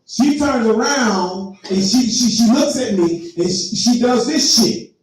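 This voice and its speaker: A man's voice: very high-pitched, a little slow, darkish tone. Profane storytelling man on a far mic. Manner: profane storytelling, addresses the crowd. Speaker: stand-up comedian. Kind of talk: stand-up comedy set. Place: live comedy venue. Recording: echoey room, heard from far off.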